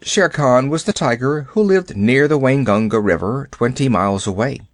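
A man narrating a classic animal story aloud in a measured, expressive storytelling manner. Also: medium pitch, no echo, clean studio sound. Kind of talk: storybook reading.

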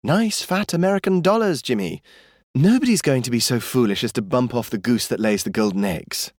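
A headstrong young woman of twenty-one, scornful and quick to mock, as a male narrator puts her on. The voice sits well above his own and swings freely in pitch. Dry, close audiobook sound with no room around it. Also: animated, darkish tone, dry recording, natural voice. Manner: mocking, defiant, raised pitch. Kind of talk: audiobook character voice.

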